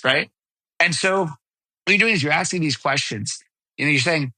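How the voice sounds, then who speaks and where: Bright, punchy man coaching sales. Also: a little high, brisk, no room sound, rough recording. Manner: role-plays sales dialogue, energetic and direct. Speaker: podcast host. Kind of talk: solo sales coaching talk. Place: outdoors.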